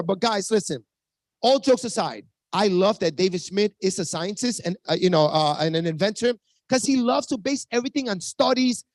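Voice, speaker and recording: A man in his fifties with a Spanish-accented English, giving an energetic sales pitch to a team on a video call, hyped and full of asides to the audience. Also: no echo. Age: 50s. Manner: hyped, talks straight to the audience, many asides. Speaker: network marketing presenter.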